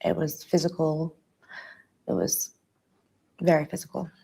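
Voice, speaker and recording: A woman with a lowish, gravelly voice gives an interview about her past. She talks in a halting, hesitant way, often restarting her sentences. Her account sounds personal and emotional. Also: sing-song, dark tone.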